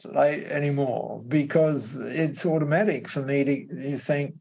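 A man's voice: on the high side, a little slow, vocal fry, hardly any pauses, a little mellow, slightly rough. An Australian man, a guest in an interview, telling a story casually with many stammered restarts and repeated words.

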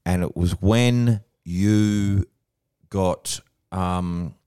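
A low-voiced man co-hosting a relaxed chat, cheeky and fond of a story. His voice is recorded dry and close. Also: extremely slow, smooth, no echo. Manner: chatty, reminiscing, cheeky. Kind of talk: casual studio chat.

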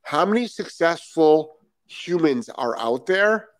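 A man's voice: fairly high pitch, lively intonation, slow pace, no echo. A man from Rhode Island, a dog trainer hosting a live stream and reading out viewer comments, talking emphatically, repeating key phrases and asking rhetorical questions.

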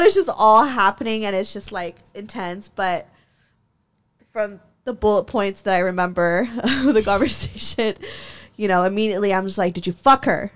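Young woman host spilling a story, fiery, sweary, lots of fillers and laughs. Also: smooth. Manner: heated, profane, frequent laughs, many "like" fillers; jumps in pitch when worked up. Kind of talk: casual chat.

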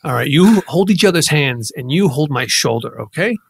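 A man's voice: a little high, expressive, normal speed, gravelly, husky, no echo, studio quality, exaggerated voice. A man playing a brash, swearing crime henchman in an improv comedy scene. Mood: gruff. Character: petty male crime boss's henchman, touchy.

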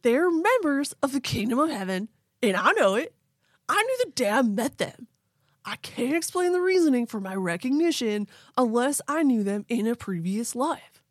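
A woman's voice: fairly high pitch, sing-song, normal speed, no echo, clean studio sound. A woman voicing a laid-back male surfer dude, reading his statement in an easygoing surfer drawl with slang.

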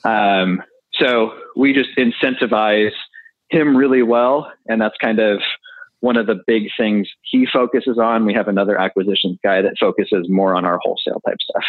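A man's voice: lowish voice, fairly even intonation, moderate pace, no echo. A man explaining real estate deals as an interview guest, talking through figures with fillers. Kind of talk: casual interview answers. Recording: tinny phone line.

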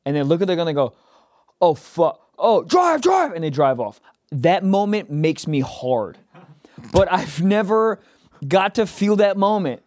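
High-voiced man telling rowdy stories. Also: moderate pace, no echo, studio quality. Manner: animated storytelling, profane, shouts quoted lines. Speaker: podcast co-host. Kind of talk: casual comedic chat.

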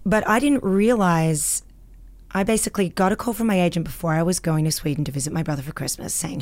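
Woman, Australian accent, fairly low voice, very dry close sound, animated storyteller. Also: fast, no echo. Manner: animated storyteller, acts out quotes. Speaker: guest voice actor. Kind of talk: casual interview chat. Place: small home recording closet.

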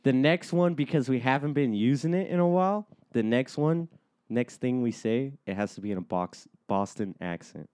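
A man's voice: medium pitch, moderate pace, no echo. A man hosting a casual podcast chat, telling stories loosely and swearing a lot. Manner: loose, profane, animated storytelling. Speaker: podcast host running the game.

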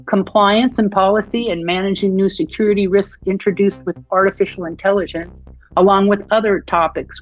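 A woman podcast host and author reading her own fiction aloud in a measured storytelling voice. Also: fairly low pitch, muffled recording.

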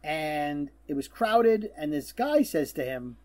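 A middle-aged podcast host tells stories in a teasing, casual way, stumbling over plenty of fillers. His voice is on the high side, expressive, slow and a little mellow.

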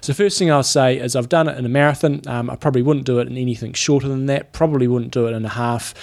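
A man's voice: mid-range voice, creaky. Laid-back New Zealand man, casual co-host. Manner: relaxed, laid-back, reads ad copy haltingly. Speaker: podcast co-host. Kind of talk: casual chat and read ads.

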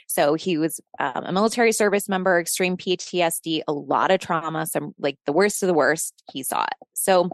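A woman in her thirties telling a personal story in a casual interview, animated and profane, laughing often and acting out shouted quotes. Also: lowish voice, normal speed, hardly any pauses, no echo, studio quality.

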